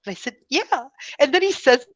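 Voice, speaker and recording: A woman's voice: mid-range voice, moderate pace, no echo, dull audio. Giggly woman telling a story. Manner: giggly, animated storyteller with many restarts. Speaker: guest. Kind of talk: casual chat.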